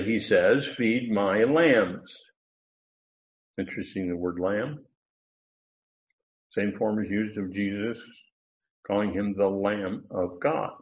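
A man teaching a Bible passage verse by verse, explaining the Greek words with emphasis and correcting himself as he goes. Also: on the low side. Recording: tinny phone-like sound in an echoey room.

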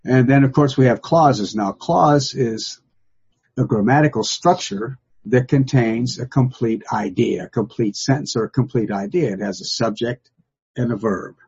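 An older man leading a folksy Bible study lesson, stressing small words and repeating them for emphasis, with a husky voice. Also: medium pitch, moderate pace, a little mellow, lo-fi sound. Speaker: Bible teacher.

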